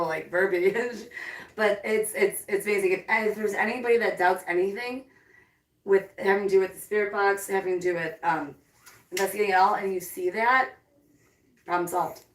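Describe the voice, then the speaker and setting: Excitable woman in a roomy basement. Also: medium pitch, slight background noise. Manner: excitable, repeats words when eager. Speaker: paranormal investigator livestream host. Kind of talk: casual live-stream chat. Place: indoors, basement with a pool table. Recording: roomy, distant from the mic.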